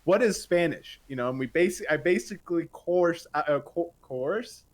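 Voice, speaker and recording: A podcast co-host with a slightly high voice tells a story at a moderate pace during casual chat. He's an animated storyteller who acts out the dialogue.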